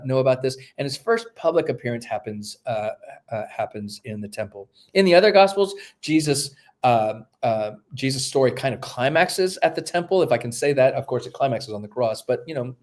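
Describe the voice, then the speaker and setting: A man's voice: mid-range voice, darkish tone. A male New Testament scholar, a podcast guest, explaining texts step by step while thinking aloud with many fillers and restarts. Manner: lecturing, walks through texts step by step.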